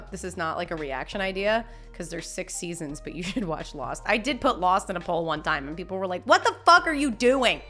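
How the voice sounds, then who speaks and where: A woman's voice: fairly low pitch, brisk, hardly any pauses, a bit bright, soft background music. A young woman chatting casually on a live stream, reading chat messages, laughing often and talking with lots of restarts. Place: home.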